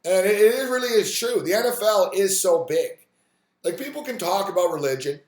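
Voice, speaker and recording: A man ranting on a sports live stream, swearing freely and acting out the people in his story. His voice sits a little high, and the room gives it a clear echo. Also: lively intonation, normal speed. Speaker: sports talk host. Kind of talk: profane live-stream rant.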